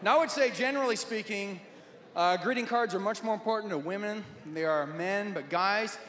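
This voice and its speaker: A man from Nebraska doing stand-up comedy, telling wry, animated stories. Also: high voice, a little fast, noisy background. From Nebraska, USA. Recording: echoey hall, loud audience.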